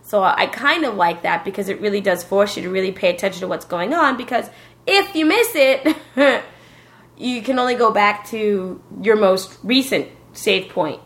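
A woman casually telling a lively story about a video game, cursing and joking as she goes. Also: mid-range voice. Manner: animated storytelling, swearing, joking voices.

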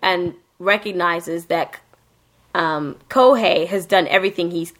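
A young woman co-hosting a casual chat about anime, animated and profane, acting out characters as she recaps. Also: lowish voice, measured pace.

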